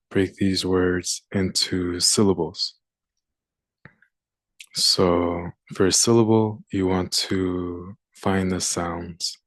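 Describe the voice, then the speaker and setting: Slow, low-voiced man teaching phonics. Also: no room sound. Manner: slow and deliberate, sounding out words. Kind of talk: phonics lesson.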